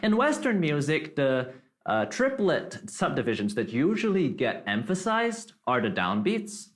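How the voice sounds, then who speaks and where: A man's voice: a little high, wildly swooping pitch, a little slow, fairly bright tone. A man from Malaysia teaching a drum tutorial, explaining step by step, counting beats aloud and checking in with "right?" and "okay?".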